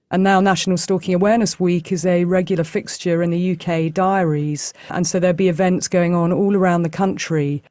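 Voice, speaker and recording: A woman co-hosting a podcast interview, speaking in a measured, formal way. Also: fairly low pitch, darkish tone, no echo, studio quality. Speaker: podcast co-host. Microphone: studio microphone.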